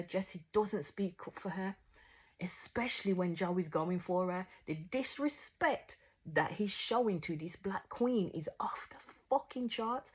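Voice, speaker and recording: A woman's voice: medium pitch, measured pace, husky. A woman giving casual, outspoken reaction commentary on a reality show, swearing freely as she retells events.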